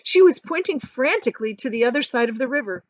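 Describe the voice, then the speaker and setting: A woman teacher reading a storybook aloud with expressive delivery and chatty asides. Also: a little high, fast, dry recording, dull audio.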